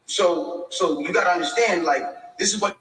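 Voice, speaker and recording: A man's voice: high voice, normal speed, fairly bright tone, recorded from a distance. A man in a livestream monologue, defensively explaining his side at length. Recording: echoey room, away from the mic.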